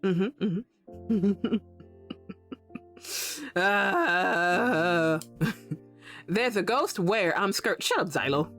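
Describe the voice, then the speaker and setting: A woman's voice: mid-range voice, lively intonation, very slow, pauses often, fairly bright tone. A young woman streamer ranting in casual stream chat. She swears constantly, laughs often, and acts out her own exasperated reactions. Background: faint background music.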